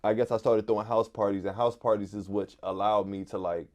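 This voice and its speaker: Mellow-voiced man with a Philadelphia accent. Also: on the low side, fairly even intonation, fairly quick. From West Philadelphia. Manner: laid-back, many "like" fillers. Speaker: guest, artist and DJ. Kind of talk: casual interview storytelling.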